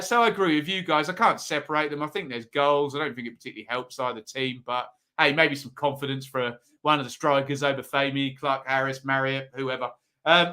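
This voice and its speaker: Chatty man with a bright voice. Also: a little high. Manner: chatty, reads out viewer comments, quick asides. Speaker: football predictions show host. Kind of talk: live-stream chat with viewers.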